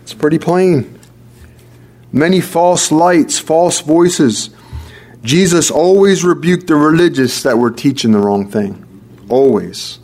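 A man's sermon comes in a fairly high, slightly mellow voice with lively intonation. He stresses and repeats key phrases for weight, stumbling into quick restarts along the way.

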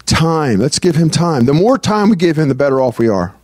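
A man's voice: on the high side, sing-song, a little fast, a little mellow, no echo, studio quality. A man preaching a conversational sermon as pastor. He speaks earnestly and breaks into prayer as he teaches. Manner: earnest, prays aloud mid-talk.

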